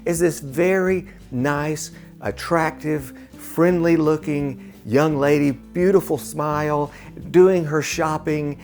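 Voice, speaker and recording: A man telling a personal story to camera, slowly and earnestly, with many pauses and repeated words, then closing as channel host. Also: on the high side, fairly even intonation, darkish tone, soft background music.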